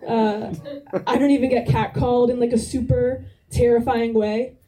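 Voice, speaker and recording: A young woman from New Jersey doing a stand-up set with a deadpan delivery and a drawling "like". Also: a little high, moderate pace, recorded from a distance, poor audio. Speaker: stand-up comedian. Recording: live club crowd laughter.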